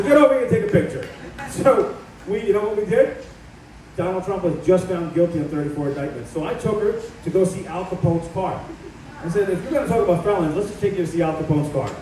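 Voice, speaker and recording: A man's voice: a little high, warm tone, slight background noise. A middle-aged man giving a combative campaign speech at an event, telling stories about himself. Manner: combative, storytelling. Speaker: political candidate. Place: event hall. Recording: echoey hall from far off.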